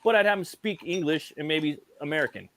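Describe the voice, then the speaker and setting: A man's voice: on the high side, brisk, fairly bright tone. A man in a casual film chat, rambling and slangy, swearing and asking "you know what I mean?".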